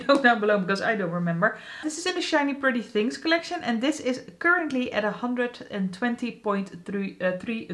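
A woman's voice: fairly high pitch, fairly bright tone. Chatty young woman beauty vlogger. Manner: chatty, self-deprecating, laughs often, restarts sentences. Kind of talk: casual chat.

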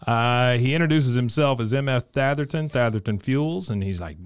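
A man's voice: medium pitch, moderate pace, smooth, dry recording, studio quality. A man co-hosting a podcast, casually recapping a cartoon episode, laughing often and lifting his voice when he quotes the characters. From Central Texas. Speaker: podcast co-host.

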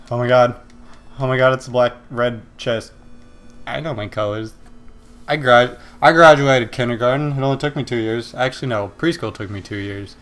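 A man's voice: medium pitch, moderate pace, fairly bright tone. A young man in the middle of his vocal range hosts a casual let's-play. He rambles between thoughts, makes fun of himself and keeps up loose running commentary. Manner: rambling, self-deprecating, jokey. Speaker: gaming video host.

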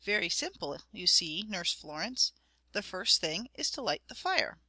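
A woman voicing a kindly country vicar who speaks calmly and reassuringly. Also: high voice, a little slow, no room sound, exaggerated voice. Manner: calm, reassuring.

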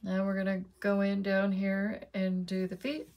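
A woman's voice: mid-range voice, completely flat delivery, measured pace, a little mellow. A woman chatting casually to her viewers while she demonstrates card making at her craft desk.

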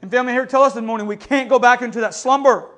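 A pastor delivering an impassioned sermon in a church, moving between loud exhortation and hushed storytelling and often asking his listeners for an amen. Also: extremely high pitch, very fast. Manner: calls listeners "family" and keeps asking "amen?". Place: church sanctuary.

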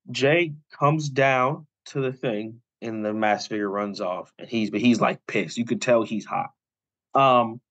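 A man's voice: mid-range voice, dry recording, poor audio. A young adult man co-hosting a podcast, recapping a story in casual, rambling talk full of "like" fillers. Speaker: podcast co-host.

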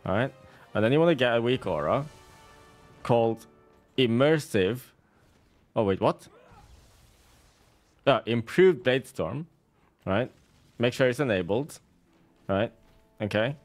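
Male game streamer, sarcastic and salty, mid-pitched voice, casual live commentary. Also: animated, takes it slowly, long pauses, soft background music.

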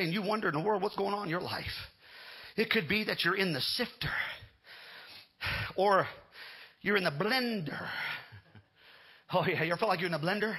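A man preaching a fervent sermon, shouting amens and hallelujahs, a little out of breath. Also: sits high, creaky, breathy edge. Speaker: pastor.

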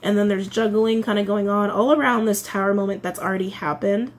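A woman's voice: mid-range voice, steady tone, brisk, a little hiss or hum. A woman giving a casual tarot reading, chatty, often repeating her phrases. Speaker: tarot reader.

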